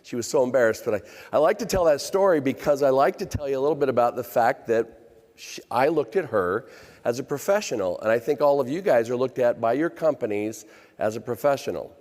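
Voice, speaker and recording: A man's voice: mid-range voice, lively intonation, fairly quick, darkish tone. A middle-aged man giving a conference keynote, telling self-deprecating stories and acting out the people in them. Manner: anecdotal, self-deprecating, acts out quoted voices. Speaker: chief revenue officer. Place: conference stage. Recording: reverberant conference hall.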